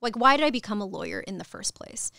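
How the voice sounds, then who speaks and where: A woman in her thirties from Ecuador, a cannabis attorney, speaking as a podcast guest in candid conversational storytelling, frank and animated, swearing casually. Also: on the high side, fast, no room sound, clean studio sound.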